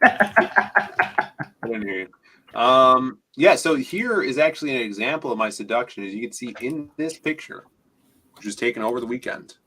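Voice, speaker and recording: A man's voice: mid-range voice, expressive, normal speed, pauses often, pushed and bright, slight background noise. A man co-hosting a comics podcast, chatting casually and joking playfully. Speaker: podcast co-host. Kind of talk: casual chat.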